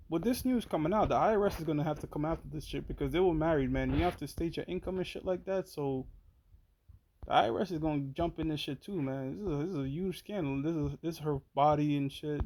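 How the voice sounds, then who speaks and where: Slangy man with a mellow, higher voice. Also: slight background noise, low-quality recording. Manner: slangy, swearing, reads out documents and verses. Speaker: show host. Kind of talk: casual commentary.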